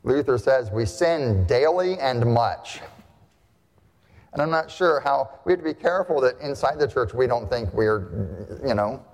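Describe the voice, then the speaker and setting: A pastor delivering a sermon in a conversational style, often asking rhetorical questions and checking in with "right?". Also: male voice, medium pitch, normal speed, creaky, few pauses. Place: church sanctuary. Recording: long reverb of a church hall.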